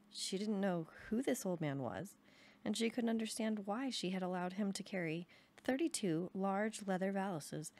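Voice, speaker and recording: Young woman reading a book out loud, calm and even, mid pitch. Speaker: reader. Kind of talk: reading a novel aloud.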